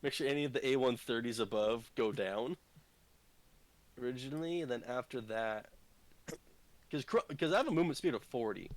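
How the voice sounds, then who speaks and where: A man's voice: mid-range voice, brisk, long pauses. A man playing a tabletop game, rambling and thinking aloud about his moves. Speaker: player. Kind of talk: casual tabletop game chat.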